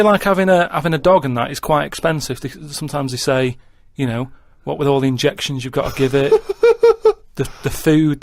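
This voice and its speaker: A man's voice: fairly high pitch, no echo. A man co-hosting a casual radio chat, arguing a point at length and checking in with "right?" after each step. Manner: rambling, keeps checking with "right?".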